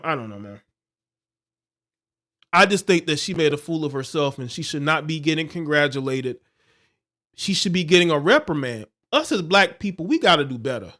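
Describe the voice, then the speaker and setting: A man with a rather high voice hosts a livestream, reading a news item and then tearing into it. His tone is scornful and preachy, and he throws insults at the people in the story. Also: bright, forceful tone. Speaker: livestream host. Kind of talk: reading news and ranting commentary.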